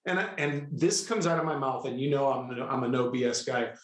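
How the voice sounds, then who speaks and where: A middle-aged man telling a personal story with excitable, animated energy, often breaking into quoted dialogue. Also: medium pitch, fairly quick, slight background noise. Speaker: guest, healer. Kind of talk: storytelling in a conversational interview. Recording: echoey room.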